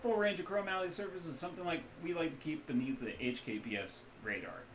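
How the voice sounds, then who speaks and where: A cheerful, hungover middle-aged doctor who runs a back-alley clinic, as a man puts him on, brash and folksy with a Midwestern twang. He talks high and loud, bragging about his trade. The sound bounces around an echoey room. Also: a little fast, slight background noise, close to an everyday voice. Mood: boastful. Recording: roomy echo.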